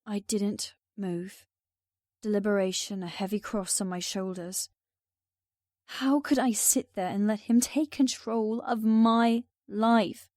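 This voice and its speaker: A woman narrates a first-person audiobook in an even, subdued way. Her voice is mellow and warm, recorded close and dry. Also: mid-range voice, slow, no echo.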